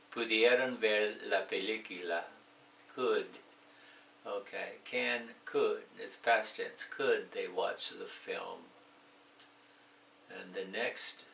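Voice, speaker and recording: A man teaching beginning English in slow, careful steps, switching between English and Spanish to explain. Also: lowish voice, vocal fry, bright, forceful tone, a little hiss or hum. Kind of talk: slow bilingual lesson with jokes. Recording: echoey room, mic a bit distant.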